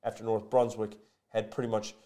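A man hosting a local high school football talk show, reading sponsor spots and previewing games in a lively, conversational way. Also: a little fast. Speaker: sports show host. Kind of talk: sports talk and sponsor reads.

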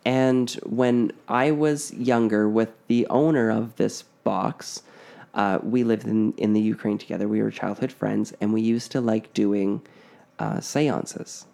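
A man voicing an old woman who calmly recalls her childhood, in a matter-of-fact way as he retells a story. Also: fairly low pitch, unhurried, creaky. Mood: reminiscing. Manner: matter-of-fact, shrugging off the trouble.

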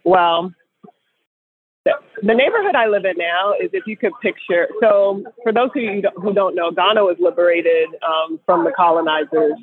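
A woman on a casual group call telling stories in an animated, joking way. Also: fairly low pitch, moderate pace, slightly rough. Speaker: guest co-host. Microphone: phone. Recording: tinny phone line.

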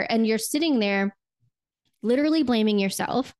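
A woman hosting a faith podcast, talking earnestly and conversationally, often asking "right?" and slowing down to stretch her words for emphasis. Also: mid-range voice. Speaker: podcast host. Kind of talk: faith podcast talk with guided prayer.

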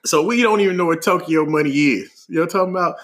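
Animated Bay Area man, slightly high voice. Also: very fast. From Oakland, California. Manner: animated, slangy, laughs often while telling the story. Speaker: podcast host. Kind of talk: casual storytelling.

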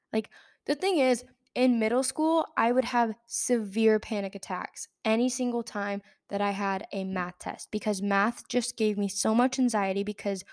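A woman's voice: mid-range voice, clean tone, no echo, studio quality. A young woman hosting a podcast, telling a personal story in a rambling, casual way, full of fillers and laughs. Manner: rambling, filler-heavy retelling with frequent laughs. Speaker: podcast host.

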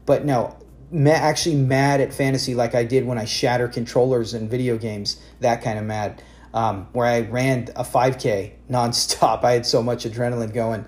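A man in his forties with a medium-pitched voice and normal speed hosts a laid-back fantasy football podcast. He tells stories animatedly, correcting himself often.

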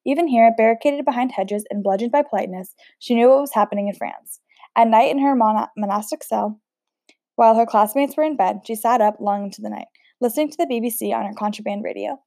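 Mellow woman reading a novel with asides. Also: a little high, quick pace, dry recording, clean studio sound. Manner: casual, stumbles over words, chatty asides. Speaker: audiobook reader.

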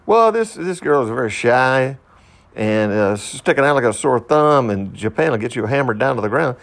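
A middle-aged man talks through a solo podcast episode in a gravelly voice with a middle pitch. He rambles, stops to restart his sentences, and jumps from loud, high outbursts to murmured low asides. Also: animated, moderate pace. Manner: rambling, with frequent fillers and self-interruptions; swings between loud high bursts and low quiet asides. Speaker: podcast host.

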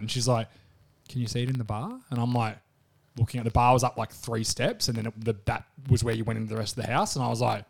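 A man's voice: mid-range voice, steady tone, fast, gravelly. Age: adult. Sex: man. Style: rambling casual podcast chat. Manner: rambling, swearing, self-interrupting. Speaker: podcast co-host.

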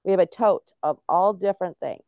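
She's a middle-aged autism and veterans advocate guesting on a podcast, talking briskly in a lowish voice. In casual interview talk she explains things with sincerity but frequently starts over, and the recording sounds dull, dry and lo-fi.

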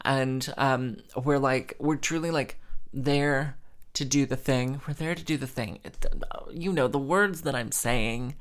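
A man's voice: medium pitch, unhurried, a bit bright. A man hosting a solo podcast, telling stories in a rambling, self-mocking way, full of fillers and dramatic asides. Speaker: podcast host. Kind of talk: solo casual storytelling chat.

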